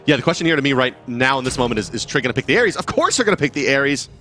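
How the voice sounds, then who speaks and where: A man's voice: mid-range voice, animated, rapid-fire, pushed and bright. A man doing play-by-play commentary on an esports draft, announcing picks and bans.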